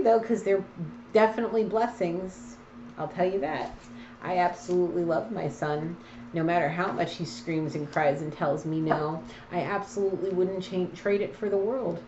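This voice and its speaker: A woman's voice: lowish voice, darkish tone, slight background noise. A woman giving a casual intuitive card reading, blunt and preachy with a teasing edge. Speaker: tarot card reader. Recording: echoey, slightly dull room sound.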